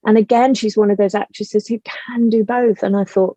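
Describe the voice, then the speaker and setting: Woman guest, Liverpool accent toned down; mellow, lively, chatty; dry, slightly dull remote audio. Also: medium pitch, moderate pace, slight background noise. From Liverpool, England. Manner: animated, laughing, trailing asides. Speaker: guest, writer and actor. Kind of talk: casual interview chat.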